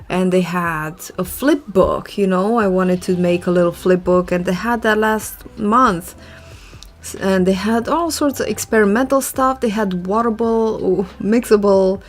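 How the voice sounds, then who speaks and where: Woman, art vlogger, casual rambling chat, unhurried, soft music behind. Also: fairly low pitch. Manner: rambling, chatty, reads out viewer comments. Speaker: art channel host. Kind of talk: casual chat while drawing.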